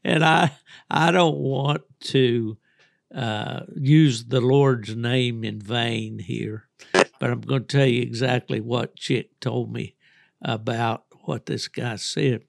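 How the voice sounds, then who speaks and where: An older man with a gravelly, creaky voice spins folksy, rambling stories as a podcast host. He talks in a relaxed, easygoing way and chuckles often. The sound is dry and close, with little room echo. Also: medium pitch, slow pace. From Southern West Virginia. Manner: folksy, rambling storyteller who laughs often. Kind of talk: casual storytelling chat.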